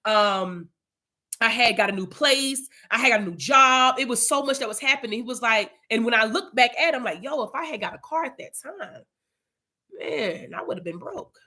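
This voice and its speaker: A woman's voice: fairly high pitch, lively intonation, normal speed, sharp tone. A young woman leading an informal Bible study, chatty and casual, telling personal testimony.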